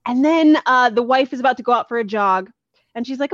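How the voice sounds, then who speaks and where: A woman on a podcast casually retells a comic book story with lots of energy, acting out the characters' lines in an animated way. Her voice is on the high side and a little fast, and the audio is dull with no echo.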